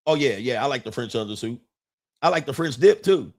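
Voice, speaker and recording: A man's voice: mid-range voice, animated, brisk, darkish tone. A man voicing an older woman squinting at a restaurant menu, mumbling and unsure.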